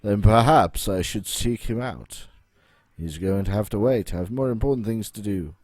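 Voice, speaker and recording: A man reading as a calm heroine in a deep voice. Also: no echo, natural voice. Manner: deep, flat, deliberate reading. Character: calm female adventurer, player hero.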